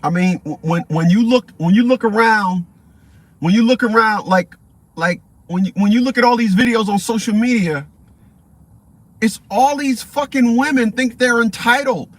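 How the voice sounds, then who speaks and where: A man's voice: sits high, moderate pace. A man ranting profanely in a rambling, repetitive commentary vlog. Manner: profane, rambling, repeats himself. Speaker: vlogger.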